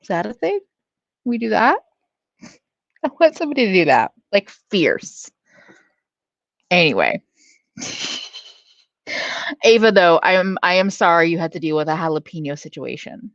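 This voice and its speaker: A woman's voice: on the low side, sing-song, measured pace, creaky, pauses often, dry recording, highs cut off. A woman hosting a casual livestream, reading out chat, laughing often and swearing freely. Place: at home.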